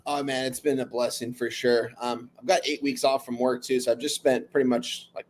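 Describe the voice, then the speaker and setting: A young man from Los Angeles, a guest handicapper, chatting in a relaxed, friendly and heartfelt way over a video call. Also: medium pitch, brisk, a little hiss or hum. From Los Angeles, California.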